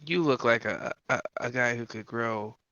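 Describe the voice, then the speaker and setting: A man's voice: mid-range voice, moderate pace, sharp tone, no room sound, muffled recording. A man playing his game character, a brash streetwise adventurer who talks bluntly and jokes. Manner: blunt, jokey.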